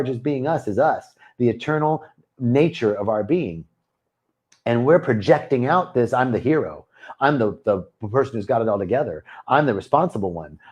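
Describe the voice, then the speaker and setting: A man's voice: mid-range voice, a little mellow. A man leading a retreat, giving a spiritual talk to a live online audience, earnest and given to repetitive, chant-like phrasing. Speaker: retreat leader and spiritual teacher.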